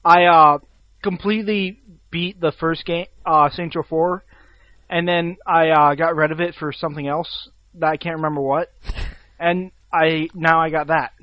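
High-voiced man in casual chat, lo-fi. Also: steady tone, moderate pace, no echo. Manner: laughing often, opinionated. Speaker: podcast co-host. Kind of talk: casual chat about video games.

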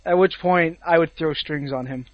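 A man co-hosting a casual chat who drops in dry, joking remarks. His voice is fairly high for a man. The recording is dull and lo-fi, with no echo at all. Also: moderate pace. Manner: wry, joking asides.

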